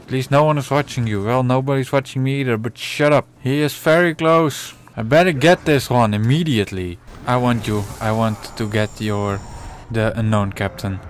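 Male gamer, gameplay commentary, exasperated, cursing, muttering, mid-pitched voice. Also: moderate pace, slight background noise. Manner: exasperated, swears a lot, mutters to himself. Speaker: let's play gamer.

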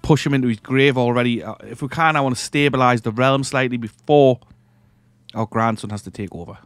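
A man's voice: medium pitch, brisk, no room sound. A man hosting a let's-play, casually thinking aloud as he plays a strategy game, often trailing off and restarting. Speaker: gaming channel host.

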